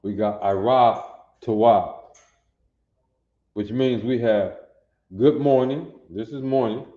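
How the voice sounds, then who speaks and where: A man's voice: medium pitch, slow pace. A man teaching a language class, repeating words and drilling pronunciation insistently. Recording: echoey, dull lo-fi room.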